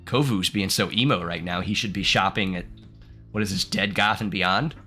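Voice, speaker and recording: Playful bright-voiced man streaming a game. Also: sits low, moderate pace, soft background music. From United States. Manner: playful, chatty, laughs often, reads game text aloud. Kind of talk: live-streamed gameplay commentary.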